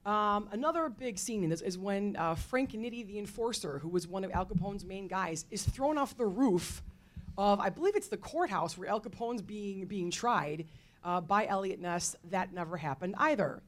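A woman history teacher speaking on a faculty panel, telling her points in a lively, expressive way with casual fillers. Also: medium pitch, normal speed. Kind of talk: panel talk.

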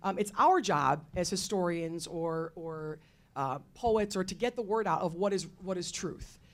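A woman history teacher speaking on a faculty panel, telling her points in a lively, expressive way with casual fillers. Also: lowish voice, unhurried. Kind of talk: panel talk.

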